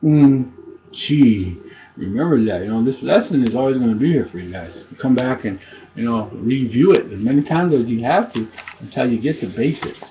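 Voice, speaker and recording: A man giving a casual language lesson, halting and repeating each word slowly for learners. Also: mid-range voice, lively intonation. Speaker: language teacher. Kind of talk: informal recorded language lesson. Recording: dull lo-fi recording, faint noise.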